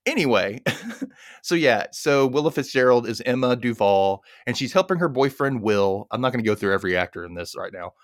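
Guy hosting a podcast recap, pitch all over the place, laughs a lot, does goofy voices, dry close sound. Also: a little fast, dry recording. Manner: animated, laughs often, mimics characters in silly voices. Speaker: podcast host. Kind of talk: casual recap chat.

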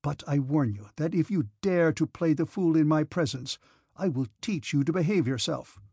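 Stern proud young prince, man reading him, sharp and indignant, husky voice. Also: on the high side, moderate pace, no echo, studio quality.

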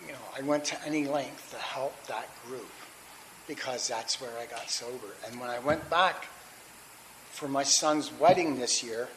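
Over a rough recording with faint hiss, a middle-aged man unhurriedly tells his recovery story at a meeting. His medium-pitched voice is a bit bright, and his candid testimony rambles with restarts and fillers.

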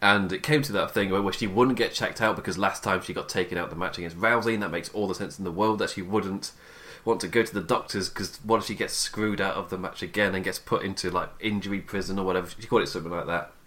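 A man's voice: low voice, steady tone, fast talker, fairly bright tone. Rambling young man hosting a podcast. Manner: rambling and self-interrupting, laughs often at himself. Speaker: podcast host. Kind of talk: casual wrestling podcast chat.

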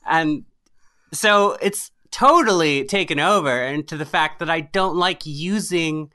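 A woman's voice: low voice, a little slow. A woman guest on a podcast, telling stories animatedly in a casual chat and often laughing. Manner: animated storytelling with frequent laughs. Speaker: podcast guest, writer and storyteller.

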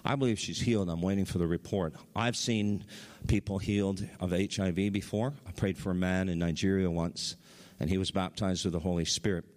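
A man preaching a sermon, telling stories with excitement and his voice jumping up high at the big moments. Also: a little fast, long reverb tail. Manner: excited storytelling, voice rising high at highlights. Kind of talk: sermon testimony.

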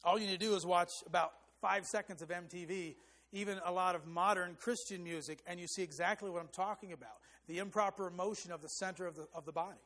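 A man's voice: high-pitched, steady tone, quick pace, fairly bright tone. A man preaching an evening sermon, sometimes singing short hymn lines to show a rhythm, and rising into emphatic stress on key points.

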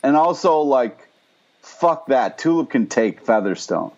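A man's voice: mid-range voice, lively intonation, unhurried, darkish tone. A man co-hosting a podcast, chatting casually about a TV episode with blunt, heated opinions and lots of swearing. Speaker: podcast co-host. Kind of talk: casual TV recap chat. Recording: dull lo-fi sound.

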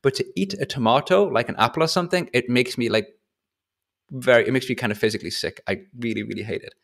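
A man hosting a casual podcast chat, telling a story in an animated, chatty way. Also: mid-range voice, fast, creaky. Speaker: podcast host.

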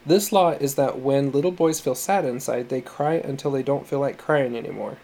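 A man reading the part of a tender, patient foster mother who speaks gently and coaxingly. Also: medium pitch, normal speed, vocal fry. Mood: gentle.

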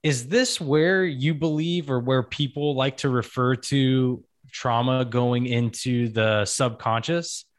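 A man's voice: medium pitch, fairly even intonation, takes it slowly, few pauses. A man hosting a podcast, asking long conversational questions with restarts. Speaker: podcast host. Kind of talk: casual podcast interview.

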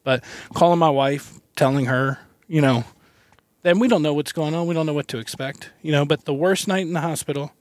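A man's voice: a little high, a little fast, no echo. A man in casual conversation, telling a personal story in an earnest, folksy way, recorded in a parked van. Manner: earnest, folksy, laughs between lines. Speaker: guest.

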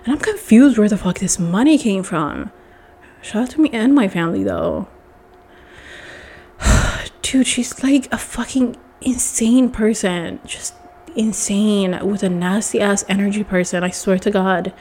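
A woman with a husky, slightly breathy voice rants straight to the camera in a casual vlog. She swears freely and sounds exasperated, and her delivery swings between fast bursts and drawn-out words. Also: medium pitch, darkish tone. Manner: profane, exasperated ranting to camera. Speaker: vlogger.

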